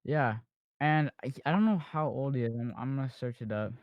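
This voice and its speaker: A man hosts a casual podcast, rambling through his points with fillers and restarts. His voice is smooth and resonant. The recording is dry and a bit lo-fi. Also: mid-range voice, brisk, no echo. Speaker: podcast host. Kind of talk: casual chat.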